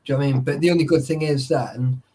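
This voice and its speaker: A man's voice: medium pitch, steady tone, rapid-fire, warm tone, husky. A man in casual chat, swearing freely and peppering his talk with "like" and "right". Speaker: urban explorer.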